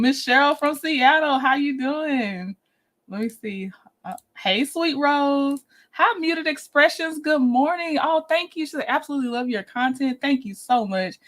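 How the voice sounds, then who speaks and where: Chatty woman host, giggly, higher voice, casual stream greetings. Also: animated, unhurried, fairly bright tone. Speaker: livestream host. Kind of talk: casual livestream chat.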